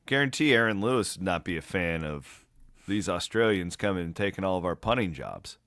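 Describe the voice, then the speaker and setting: A man's voice: deep voice, expressive, brisk, fairly bright tone, no echo. Man, sports podcast co-host, sarcastic, blunt, dry close mic. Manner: sarcastic, blunt, swears casually. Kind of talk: casual sports podcast banter.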